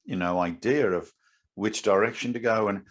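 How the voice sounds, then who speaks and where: A man's voice: on the low side, moderate pace. A man co-hosting a casual podcast, explaining martial arts techniques in a blunt, emphatic way. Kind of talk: casual chat.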